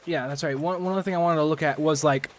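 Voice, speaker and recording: A man's voice: a little high, steady tone, quick pace. A man chatting casually on a gaming livestream, rambling, joking and swearing. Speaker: streamer.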